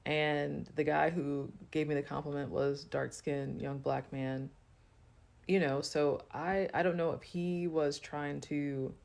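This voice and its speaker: A woman's voice: sits low, flat delivery, slow pace, vocal fry, a little mellow. A woman telling a personal story to camera in a loose, chatty way, full of fillers. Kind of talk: casual storytime monologue.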